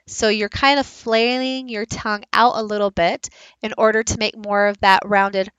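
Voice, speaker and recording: A woman giving a recorded teaching presentation, explaining slowly and modelling speech sounds aloud. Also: mid-range voice, flat delivery, fairly bright tone, clear, resonant tone, dry recording, lo-fi sound. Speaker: teacher leading a book study.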